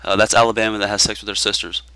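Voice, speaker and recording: A man with a Texan accent doing comedic gameplay commentary, telling tall tales in a deadpan way with frequent "uh" fillers. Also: on the low side, rapid-fire, clear, resonant tone, dry recording. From Texas.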